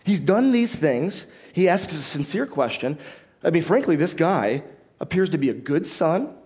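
A pastor preaching a conversational sermon in a church, explaining the text and putting questions to the congregation. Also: male voice, on the high side, big pitch swings, normal speed, darkish tone.

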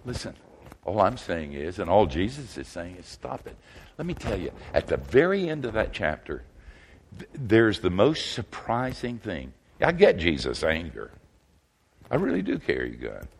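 An older man preaching a sermon in a folksy, wry way, swinging from loud outbursts to hushed asides. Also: sits low, huge pitch swings, moderate pace, gravelly, slight background noise.

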